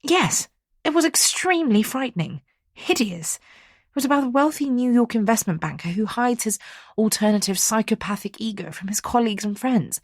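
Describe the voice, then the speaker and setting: Fretful mum, middle-aged, worried and scolding, as voiced by a woman narrator; husky and dry. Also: a little high, expressive, moderate pace, no room sound, pitched above the performer's own voice. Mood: anxious, fretful. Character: anxious fretting middle-aged mother.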